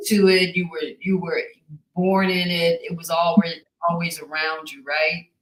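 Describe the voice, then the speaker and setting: A woman's voice: on the low side, little pitch movement, normal speed. A woman hosting a live-streamed video chat, jumping in with playful, teasing remarks. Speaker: host. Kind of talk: casual interview over a live stream. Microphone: video call.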